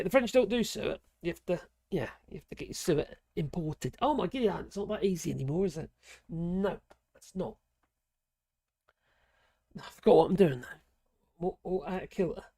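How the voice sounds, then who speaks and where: Reading out viewer comments in casual stream chat, this Norwich streamer rambles and reacts aloud with a chatty, expressive delivery. The gravelly, slightly fried voice sits in a middle pitch with a darkish tone, at normal speed and with frequent pauses. Recording is dry and close, without echo or room.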